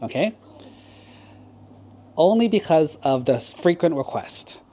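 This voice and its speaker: A monk telling a children's sermon story, asking the kids questions as he goes. His voice is mellow and dark-toned. He speaks with a lively, animated lilt. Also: a little high, unhurried.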